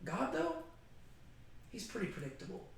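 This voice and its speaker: A man giving a casual, animated Bible study talk, chatty and conversational, often checking in with "right?". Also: high voice, moderate pace, vocal fry. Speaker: Bible teacher. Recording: very echoey room.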